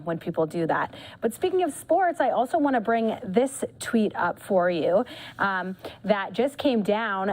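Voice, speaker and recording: A woman anchors a live news stream in a loose, chatty way. She fills her pauses with small hesitations rather than reading stiffly. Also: mid-range voice, rough recording. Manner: chatty, with many fillers. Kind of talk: casual live news presenting.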